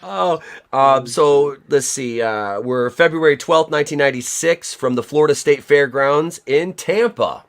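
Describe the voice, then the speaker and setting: A man's voice: fairly high pitch, measured pace, few pauses, a bit bright. A man hosting a casual podcast chat, rambling and profane as he tells stories. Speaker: podcast host.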